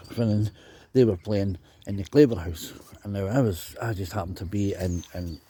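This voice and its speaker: A man's voice: fairly low pitch, warm tone, slightly rough. A Scottish man from Dundee in his fifties, telling chatty, rambling stories about his drumming days and often adding "you know". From Scotland. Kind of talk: casual storytelling monologue.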